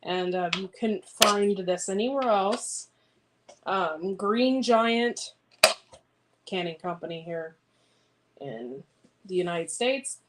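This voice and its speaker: A woman rambles in easy, casual talk while cutting vegetables in her kitchen and answering viewer comments. Her voice sits at an ordinary middle pitch. Clear background noise and clicking run under the recording. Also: animated, slow pace, long pauses. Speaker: homesteading vlogger. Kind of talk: casual livestream chat.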